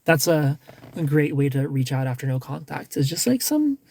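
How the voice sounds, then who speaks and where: A man's voice: fairly high pitch, big pitch swings, moderate pace, creaky, a little mellow. A man hosting a casual livestream, giving blunt dating advice with lots of restarts and some swearing.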